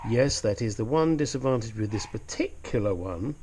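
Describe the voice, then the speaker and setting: A man's voice: mid-range voice, animated, moderate pace, dark tone, slight background noise. A man gives a casual, hands-on repair tutorial from his home workshop. He talks chattily and drops joking asides as he works. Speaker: DIY car repair vlogger.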